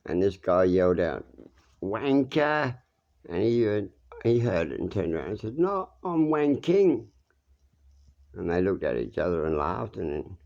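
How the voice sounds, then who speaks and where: A man rambles through jokey stories, one tangent after another. His very low voice has a gravelly, creaky edge. The recording is dull and muffled, like an old lo-fi tape. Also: darkish tone. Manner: meandering, jokey, drifts between tales. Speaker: monologue speaker. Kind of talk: rambling storytelling.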